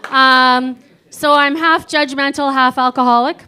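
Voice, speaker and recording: Female comedy host, high and bright, chatty and self-mocking between acts. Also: fairly even intonation, measured pace. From of Dutch and Irish descent. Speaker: open mic host. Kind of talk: stand-up comedy and emceeing.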